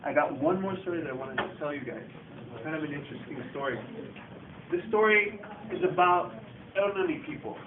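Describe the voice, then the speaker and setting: A man tells an oral folktale in a casual, repetitive way and talks straight to his listeners, in a fairly high voice. He sounds far from the microphone, and the recording is tinny and echoey, with faint background noise. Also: animated, a little fast. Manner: casual, repetitive "he goes" narration addressing listeners. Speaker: storyteller.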